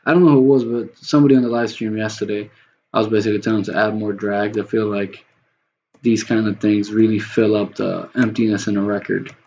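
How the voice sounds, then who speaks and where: Dude rambling while he makes a beat, gravelly voice, hums the drums, slight hiss on a muffled mic. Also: fairly low pitch, little pitch movement, brisk, a little mellow. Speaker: music producer. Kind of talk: casual talk while making a beat.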